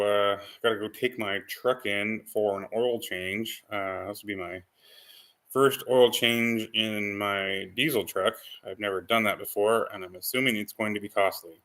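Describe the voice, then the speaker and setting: A man's voice: on the low side, steady tone, moderate pace, fairly bright tone. A man hosting a casual live-stream chat with viewers, rambling with many ums and restarts. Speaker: channel host.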